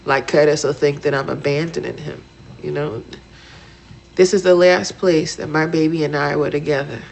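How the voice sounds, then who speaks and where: Gravelly Boston-accented grieving woman. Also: sits low, fairly even intonation, normal speed, a little mellow, poor audio. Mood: sorrowful. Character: grieving, blunt working-class woman, adult. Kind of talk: film drama acting.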